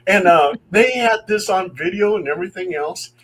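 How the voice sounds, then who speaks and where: A middle-aged man, a paranormal investigator, telling ghost stories in a casual, animated way and acting out the voices in them. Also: high-pitched, moderate pace, low-quality recording. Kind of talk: casual storytelling on a talk show.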